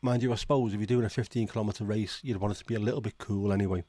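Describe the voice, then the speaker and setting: A man's voice: lowish voice, steady tone, very fast, warm tone, dry recording. A man hosting a casual livestream, reading out viewer comments and reacting with blunt, swearing disbelief. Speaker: livestream host.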